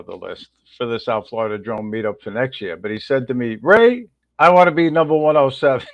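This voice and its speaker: A man hosts a laid-back livestream, rambling on and calling out viewers by name. His voice is mid-pitched and the sound is dry and a bit dull, with no room echo. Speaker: livestream host. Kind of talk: casual livestream chat.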